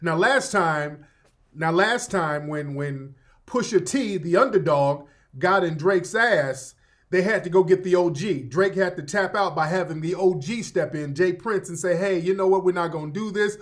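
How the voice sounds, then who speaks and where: High-voiced man hosting casual commentary. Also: unhurried, a bit bright. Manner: loose, conversational, addressing viewers directly. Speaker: online radio host.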